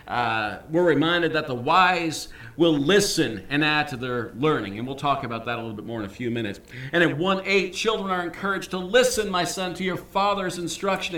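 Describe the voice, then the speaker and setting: A man preaching a sermon as pastor, emphatic and animated, dropping quick jokes and asides. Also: on the high side, reverberant.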